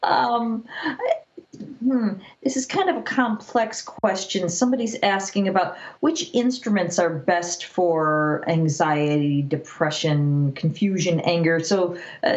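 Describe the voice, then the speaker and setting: A woman's voice: fairly low pitch, dull audio. A woman hosting and moderating a listener Q&A, upbeat as she reads out audience questions. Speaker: host and moderator.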